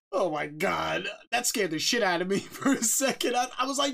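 A man streaming a game live, chatting casually, reading out viewer shout-outs, joking and laughing often. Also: high voice, brisk, gravelly. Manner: bursts of loud excited talk.

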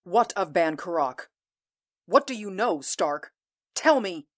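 A proud warrior queen speaks in a somewhat low, unhurried voice, as a woman acts her out. She sounds intense and commanding, weighing each word. Her ambition and iron pride carry through a radio-drama style reading. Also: expressive. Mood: proud, fierce. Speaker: voice actor. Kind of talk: audio drama acting.

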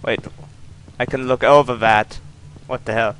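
A man's voice: mid-range voice, fairly even intonation, unhurried, a little hiss or hum, poor audio. Jumpy young man swearing through a horror game. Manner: jumpy, swears a lot, yells when startled. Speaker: let's play gamer. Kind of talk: casual game commentary.

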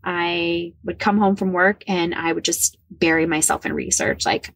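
Husky-voiced woman in her forties. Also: lowish voice, steady tone, moderate pace, hardly any pauses, a bit bright, dry recording. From American Midwest. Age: 40s. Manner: candid, earnest, repeats herself when emotional. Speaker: podcast guest. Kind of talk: personal storytelling.

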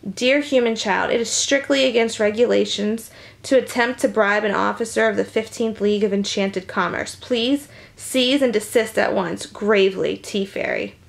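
This is a stern, formal fairy official composing letters, read aloud by a woman. The delivery is slow and measured. The voice sits a little low and carries a gravelly edge. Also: close to an everyday voice. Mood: prim.

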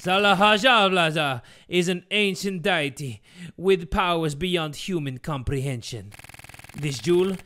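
A man voicing a scheming old father and cult villain, gloating slowly in a strange put-on accent. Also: sits high, sharp tone.

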